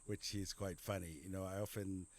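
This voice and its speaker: A middle-aged man with an Australian accent speaks in a fairly low voice. He talks casually in an interview, rambling, restarting and repeating words as he tells his story. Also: level tone, a little fast. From Papua New Guinea. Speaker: general practitioner guest. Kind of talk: conversational interview.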